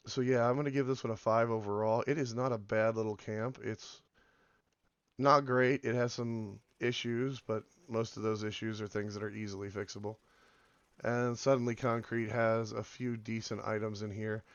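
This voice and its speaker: A man with a hoarse voice from being sick, rambling casually as he comments on a game and drifts between topics. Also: lowish voice, flat delivery, normal speed, dry recording, lo-fi sound. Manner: rambling, meandering, many fillers. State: hoarse from illness. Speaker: game video host.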